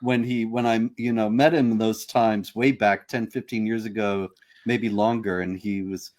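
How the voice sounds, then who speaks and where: A man guesting on a casual stream, telling a halting anecdote. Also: lowish voice, fairly even intonation, darkish tone. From of Greek descent. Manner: halting storyteller.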